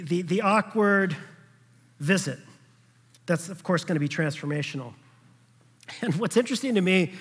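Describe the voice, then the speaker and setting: A man's voice: high voice, a bit bright, slightly rough. Male pastor preaching in a reverberant hall. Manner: conversational preaching, checks in with the congregation; acts out quoted voices in passing. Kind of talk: sermon.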